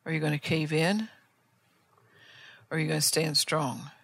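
A woman's voice: low-pitched, moderate pace, a bit bright, breathy edge, dry recording. Older lady preacher getting fired up, lots of questions at the crowd, stumbles and repeats, dry close sound. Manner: fervent exhorting with rhetorical questions; frequent restarts and repeated words. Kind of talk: sermon before an altar call.

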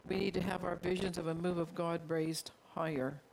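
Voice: medium pitch, little pitch movement, moderate pace, gravelly, a little hiss or hum. A pastor delivering a sermon in an earnest, confessional way, calling out to the congregation. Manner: earnest, confessional preaching with call-outs to the congregation.

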